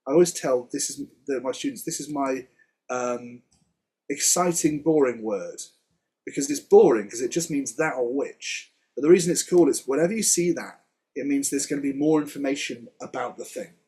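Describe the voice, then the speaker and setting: Husky man chatting through a Hebrew lesson. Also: mid-range voice, normal speed, warm tone. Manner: chatty, laughs often, explains word by word. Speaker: Hebrew teacher. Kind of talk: casual Torah study chat.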